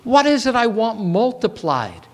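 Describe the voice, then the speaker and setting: A man's voice: very high voice, huge pitch swings, unhurried, exaggerated voice. A man voicing a poor, anxious villager who craves wealth and barks at his family. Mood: scheming. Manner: pleading, then barking demands. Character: poor anxious man craving wealth, turning short-tempered.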